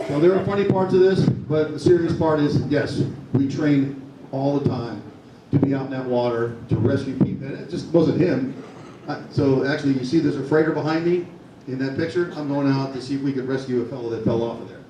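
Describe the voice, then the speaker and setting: A man's voice: medium pitch, brisk. Older man telling stories in an echoey room. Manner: chatty storyteller, laughs through his stories. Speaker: guest speaker, former Secret Service agent. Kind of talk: anecdotal talk to a meeting. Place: meeting room. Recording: echoey room, distant mic, noisy.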